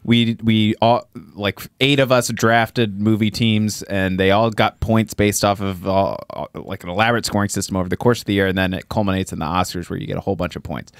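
Low-voiced man hosting a casual podcast. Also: steady tone, fairly quick, few pauses, clean tone, no echo, clean studio sound. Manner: laughs often, rambling explanations with restarts. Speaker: podcast host.

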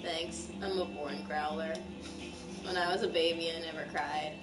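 A woman joins a game stream, joking and reading character lines. Her voice is roomy and set back from the mic. Game music plays clearly behind her. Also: low voice, steady tone, moderate pace, recorded from a distance. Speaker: co-player, sister. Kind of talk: casual game playthrough.

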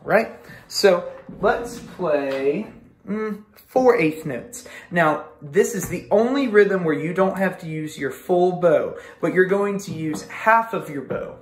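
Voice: mid-range voice, animated, takes it slowly, a little hiss or hum. A string teacher leading an online music lesson, counting beats aloud with patient encouragement. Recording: echoey room with violin playing.

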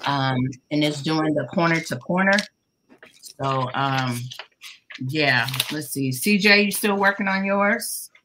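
A woman's voice: low voice, slow pace, background noise. A woman hosting a casual craft livestream while crocheting. She greets her viewers one by one by name and teases them playfully. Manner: playful teasing with laughter. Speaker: livestream host.

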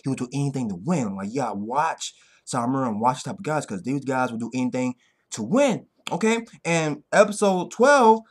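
A man giving an excitable, profane anime fight recap that keeps bursting into yells. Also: mid-range voice, moderate pace. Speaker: anime reaction vlogger. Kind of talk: hyped casual recap.

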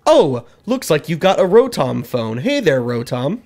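A man co-hosting a let's play, joking and bantering quickly with frequent laughter. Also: a little high, big pitch swings, darkish tone. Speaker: co-host.

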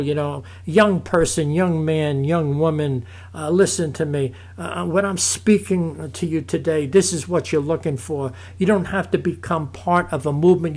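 A man's voice: fairly high pitch, a little mellow. Fervent man preaching his testimony. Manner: fervent, repeats "folks" often. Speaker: evangelist giving his testimony.

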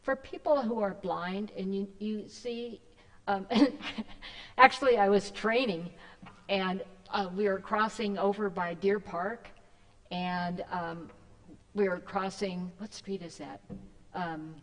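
A woman's voice: medium pitch, fairly even intonation, slow pace, long reverb tail, rough recording. A woman giving a casual, rambling talk to a church group, with many fillers and restarts. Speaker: guest speaker. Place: church hall.

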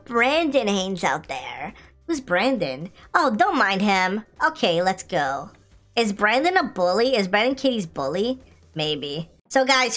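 A woman hosting a casual gameplay video, chatty, excitable and often giggling as she plays. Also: a little high. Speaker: gaming video host.

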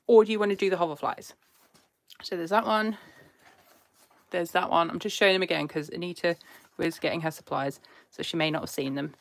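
A woman hosting a casual drawing livestream, chatty and self-deprecating, talking close to a phone camera. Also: mid-range voice. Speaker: art channel host. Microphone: phone held close as camera.

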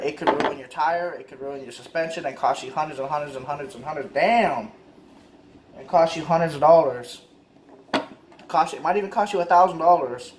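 A man's voice: a little high, reverberant, a little hiss or hum. A man ranting in a casual vlog, frustrated and repetitive, swearing often. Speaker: car owner vlogger.

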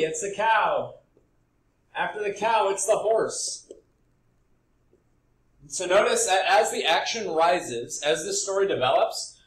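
A man's voice: fairly high pitch, fairly bright tone. A man teaching a recorded lesson, explaining step by step and often checking in with "right?". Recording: echoey room.

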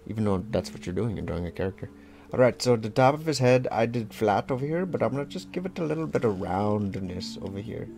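Playful gravelly man teaching drawing. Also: on the low side, lively intonation, quick pace, a little mellow, slight background noise. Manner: playful, rambling, self-mocking, talks while drawing. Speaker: drawing instructor. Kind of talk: casual draw-along lesson.

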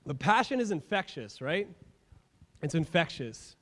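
A man's voice: on the high side, sing-song, unhurried, fairly bright tone. A young man preaching a sermon as a pastor, telling stories in a casual, humorous way. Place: church sanctuary. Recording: long hall reverb.

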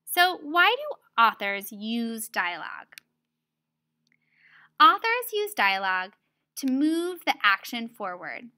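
A woman's voice: a little high, big pitch swings, slow, long pauses, bright, forceful tone. A woman teaching a writing lesson on dialogue, explaining step by step and often checking in with "right?". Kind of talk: recorded lesson video.

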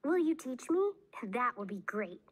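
A woman reading aloud, voicing a spirited, excitable young girl with high, squealing outbursts. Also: a little slow, slightly rough, heavily acted. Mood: excited.

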